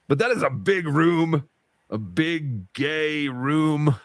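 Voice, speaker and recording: A man's voice: a little high, lively intonation, slow, dry recording. A man co-hosting a podcast, chatting casually and rambling with many asides. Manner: rambling, lots of fillers and asides. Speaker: podcast co-host. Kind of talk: casual chat.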